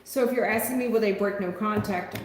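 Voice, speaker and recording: A woman giving a live tarot reading, blunt and profane, talking back to her chat in an animated way. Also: medium pitch, brisk. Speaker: tarot reader. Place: home room. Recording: echoey room with long reverb, faint noise.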